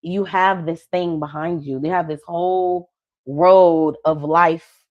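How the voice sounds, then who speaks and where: A woman who is a love coach and podcast host, chatting casually, telling lively stories and acting out the people she quotes, with slangy talk. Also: fairly low pitch, slow pace, dry recording, lo-fi sound. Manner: animated storytelling, acts out quoted people; slangy, conversational.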